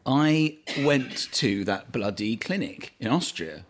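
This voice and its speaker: A man, a guest in casual chat, telling stories in an animated way. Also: mid-range voice, takes it slowly, background noise. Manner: animated storytelling.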